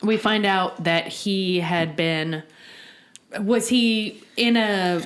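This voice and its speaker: A woman co-hosting a casual TV recap podcast, animated and quick to laugh, with crude jokes. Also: medium pitch, slight background noise. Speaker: podcast co-host.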